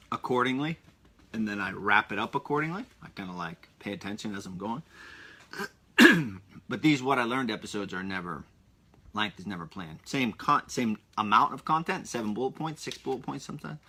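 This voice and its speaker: A man's voice: medium pitch, lively intonation, normal speed, pushed and bright, husky. A man hosting his own podcast, rambling in a casual solo chat full of asides and restarts. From Pennsylvania. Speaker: podcast host.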